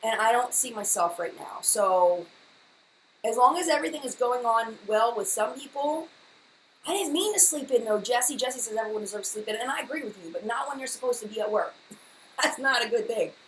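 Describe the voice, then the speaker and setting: A woman's voice: a little high, expressive, brisk. A young adult woman hosting a casual live-stream chat as a beauty YouTuber, talking in a flustered, chatty and apologetic way. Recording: echoey room with faint background hiss.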